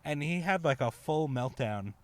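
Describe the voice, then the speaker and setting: Guy on a podcast rambling thru a funny story, bit high pitched, lots of ums. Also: animated, moderate pace. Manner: rambling, laughs through his story, lots of fillers. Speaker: podcast co-host. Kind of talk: casual storytelling chat.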